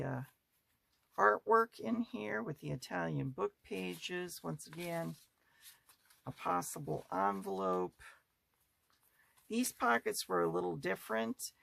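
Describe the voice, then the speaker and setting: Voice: medium pitch, vocal fry, fairly bright tone, no room sound. A craft channel host chatting casually to viewers while showing journal pages at a desk, thinking aloud as they go. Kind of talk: casual crafting show-and-tell vlog. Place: home craft studio.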